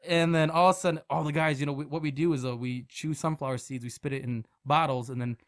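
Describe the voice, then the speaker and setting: Young man, podcast guest, fairly high voice, animated storytelling, casual swearing. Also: fast. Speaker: podcast guest, restaurant manager and food truck owner.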